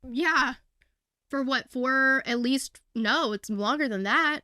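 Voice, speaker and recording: A woman's voice: high-pitched, slow pace, bright, forceful tone, no echo. Dry, sarcastic woman podcaster. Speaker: true crime podcast co-host. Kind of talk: casual conversational storytelling.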